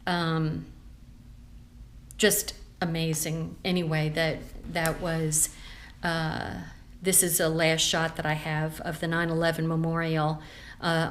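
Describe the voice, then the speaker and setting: A chatty woman walks through a scrapbook page by page. Her voice sits a little low, and she rambles warmly with plenty of ums and asides. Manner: chatty and rambling, with many fillers. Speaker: scrapbooking consultant. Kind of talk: casual show-and-tell vlog.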